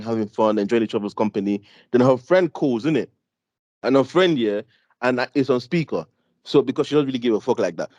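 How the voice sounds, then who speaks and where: Man, British accent, animated storytelling, slangy, dry close sound. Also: mid-range voice, no echo, dull audio. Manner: animated storyteller, laughs often, heavy slang. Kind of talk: casual chat.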